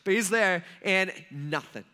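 A man giving a casual sermon, telling a Bible story in a chatty, animated way, swinging from loud emphasis to hushed asides. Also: high voice, a little slow. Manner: conversational, animated storytelling with voiced characters. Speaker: preacher.

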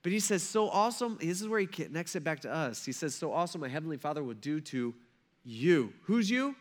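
A man preaching a sermon in a conversational way, asking rhetorical questions, acting out quotes, and swinging between loud stresses and hushed lines. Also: fairly high pitch, sing-song, brisk. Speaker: pastor.

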